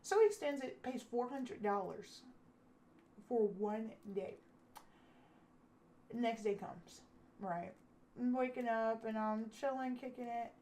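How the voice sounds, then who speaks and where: A woman's voice: on the high side, takes it slowly, pauses often, warm tone, a little hiss or hum. Candid, profane woman telling a story. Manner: candid, profane, acts out quotes. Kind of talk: casual storytime.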